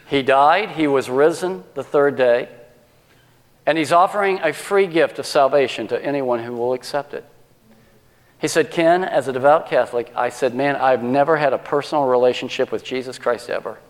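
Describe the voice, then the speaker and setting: A man's voice: mid-range voice, normal speed, in a large hall. A male pastor preaching a sermon, telling a personal story and acting out the quoted dialogue.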